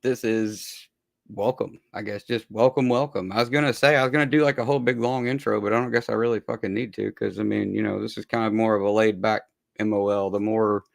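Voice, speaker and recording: Gravelly laid-back male stream host. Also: lowish voice, steady tone, fairly quick, no echo. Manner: loose, swearing, laughs often. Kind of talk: casual laid-back chat.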